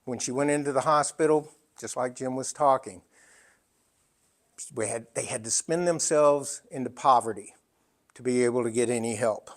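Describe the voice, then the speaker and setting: An older man giving a storytelling business talk as an entrepreneur, animated and conversational with frequent asides. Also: medium pitch, normal speed.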